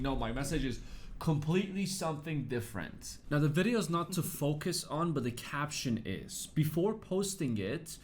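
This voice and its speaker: A man with a slightly raised pitch talks casually and sarcastically, swearing freely as he mocks the clips he reacts to. His commentary is loose and conversational. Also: expressive, fairly quick. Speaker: co-host.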